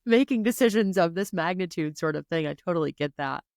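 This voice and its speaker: Gravelly-voiced woman hosting a podcast. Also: fairly low pitch, lively intonation, a little fast, no echo, studio quality. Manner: warm, affirming, faith-talk, frequent "like" and "right?". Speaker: podcast host. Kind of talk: podcast interview.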